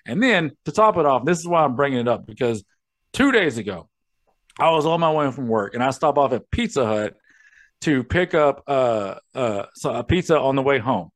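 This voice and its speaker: A man's voice: fairly high pitch, animated, a little fast. A man hosting a podcast, ranting and telling stories in a casual, profane way. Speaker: podcast host.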